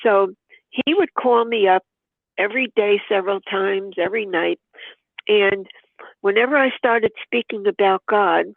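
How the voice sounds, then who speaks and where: A woman's voice: medium pitch, creaky, dry recording. An older woman, a podcast guest, telling a heartfelt personal story in an earnest, devout way and acting out remembered dialogue. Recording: tinny phone-like line, dry.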